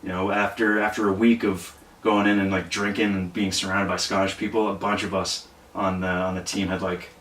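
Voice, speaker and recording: A man guest-hosting a casual podcast, full of pauses and dry, deadpan jokes. His voice is on the low side and sounds distant from the mic in a reverberant room. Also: slight background noise. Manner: halting, dry deadpan humor. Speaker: guest co-host. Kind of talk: casual chat. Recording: roomy and off-mic.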